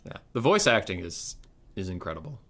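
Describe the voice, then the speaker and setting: Bright-voiced joking game caster, a man. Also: sits low, sing-song, fairly quick, a little hiss or hum. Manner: rambling, joking, swears freely. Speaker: tournament caster. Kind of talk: casual game commentary.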